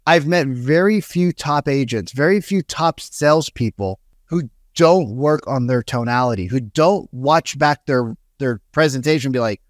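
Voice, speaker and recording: A man's voice: mid-range voice, normal speed, few pauses, no echo, studio quality. A man giving a direct, emphatic sales coaching talk and acting out quoted voices. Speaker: sales trainer.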